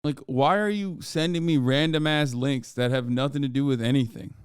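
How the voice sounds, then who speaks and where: Hyped male streamer, crisp dry voice. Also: medium pitch, normal speed, no room sound. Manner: jokey, hyped, reads chat aloud. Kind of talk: casual live-stream chat. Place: home studio in Los Angeles.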